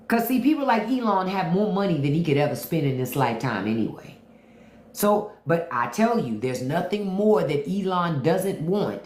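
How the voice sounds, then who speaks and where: A woman hosting a livestream, commenting in an animated, profane, rhetorical way. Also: lowish voice, moderate pace. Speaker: podcast host. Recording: roomy echo.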